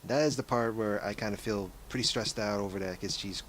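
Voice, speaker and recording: A man's voice: on the low side, brisk, fairly bright tone, a little hiss or hum. Rambling young man narrating a game. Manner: rambling, self-correcting. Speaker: let's play gamer. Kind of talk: casual gameplay commentary.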